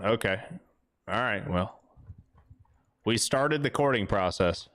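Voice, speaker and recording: Joking, low-voiced gaming streamer man. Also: animated, slow pace, pauses often, a bit bright, no echo, studio quality. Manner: joking, rambling and crude. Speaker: livestream host. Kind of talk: casual gaming commentary.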